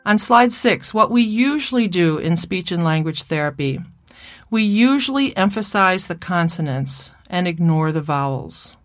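Middle-aged woman therapist, low voice, dry close sound; measured clinical lecture, demonstrates sounds slowly. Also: dry recording. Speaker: speech-language therapist. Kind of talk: recorded lecture with slides.

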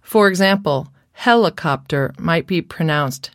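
A woman delivers a scripted lesson on speech therapy at an unhurried, deliberate pace. Her voice sits low. The recording is dry and close, with no room sound. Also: no echo. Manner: slow, careful, demonstrates sounds. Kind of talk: scripted instructional narration.

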